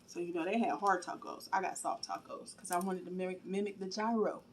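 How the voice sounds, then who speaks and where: A woman hosting a mukbang video, chatting casually and straight to her viewers between bites, pausing to chew and hum approvingly. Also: on the low side, fairly even intonation. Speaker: mukbang host. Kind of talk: casual chat while eating on camera.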